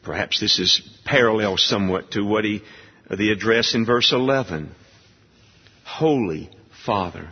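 A man preaching a sermon in a church, slow and emphatic, lifting his voice high on key words. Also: slightly rough. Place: church sanctuary. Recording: dull long-reverb church hall sound.

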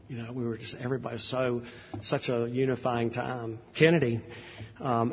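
A pastor talks to his congregation in a loose, anecdotal manner, full of "ums" and restarts. His mid-pitched voice is a little husky. The dull, lo-fi recording carries long hall reverb. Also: fairly even intonation, normal speed. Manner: conversational and anecdotal, with frequent fillers. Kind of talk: sermon introduction.

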